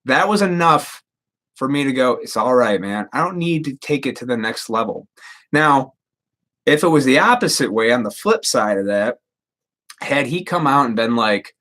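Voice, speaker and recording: A man's voice: medium pitch, big pitch swings, normal speed, fairly bright tone. A man in his thirties rambling casually and profanely to viewers on a live stream. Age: 30s.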